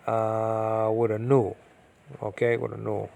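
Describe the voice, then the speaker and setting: At home during a storm, a man gives a casual online lesson on Biblical Greek grammar, rambling, talking to himself, and filling it with fillers and asides. His lowish, darkish voice has vocal fry and a completely flat delivery at a slow pace. The recording quality is low.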